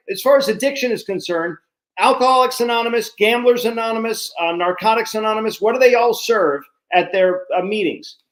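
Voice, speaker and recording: High-voiced man in teasing banter. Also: poor audio. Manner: teasing, mock-indignant banter. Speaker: comedian co-host. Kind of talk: comic bickering chat.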